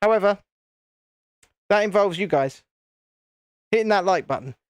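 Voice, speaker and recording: A man's voice: sits high, expressive, moderate pace, clean tone, dry recording, clean studio sound. A British man hosting a live stream, chatting casually to viewers in a self-deprecating, easily flustered way. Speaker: channel host.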